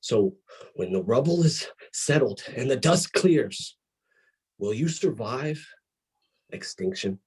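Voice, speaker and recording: Guy putting on a brooding wrestling heel, husky, slow n threatening. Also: mid-range voice, expressive, darkish tone, distant mic, heavily acted, rough recording. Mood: menacing. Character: menacing dark wrestling villain, doom-laden. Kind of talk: wrestling promo.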